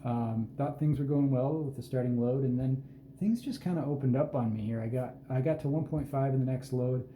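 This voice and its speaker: A man giving an unhurried, plain-spoken walkthrough at an indoor reloading bench, with self-deprecating asides. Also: medium pitch, mellow, slight background noise. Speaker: host showing his hand loads. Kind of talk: casual hands-on explanation. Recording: roomy echo with faint ambience.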